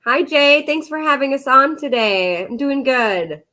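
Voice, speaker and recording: A woman's voice: sits high, lively intonation, measured pace, bright, forceful tone. A woman from Wisconsin with an Upper Midwest accent, chatting cheerfully as a guest on a video call. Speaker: resort sales manager and podcast co-host. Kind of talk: casual chat as a guest.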